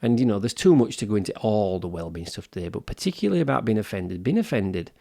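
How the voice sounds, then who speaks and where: A man's voice: on the low side, very animated, fast, vocal fry, mellow. A man, co-hosting a wellbeing podcast, talking earnestly with lots of restarts. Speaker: podcast co-host. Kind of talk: casual podcast discussion.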